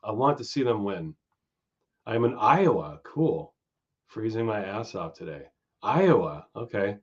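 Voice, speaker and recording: Rambling, swearing stream host. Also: male voice, lowish voice, lively intonation, a little slow. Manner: chatty, swears freely, goes off on tangents. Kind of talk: casual live-stream chat. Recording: dull lo-fi stream audio.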